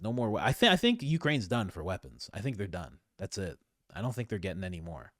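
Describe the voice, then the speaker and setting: A male podcast host talking through current events in casual commentary. He sounds animated and exasperated, his pitch swinging widely, in a dry, close recording. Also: brisk, no room sound.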